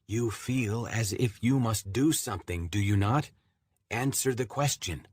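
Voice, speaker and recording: A man's voice: fairly low pitch, measured pace, slightly rough, dry recording, studio quality. Man voicing a commanding disembodied shard. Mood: urgent. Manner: insistent, urgent questioning. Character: disembodied male personality shard, urgent and commanding.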